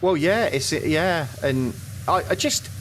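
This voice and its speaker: A man in casual conversation while playing a game, chatty and quick to apologize. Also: on the high side, lively intonation, a bit bright, slight background noise. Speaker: co-host. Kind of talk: casual chat while gaming.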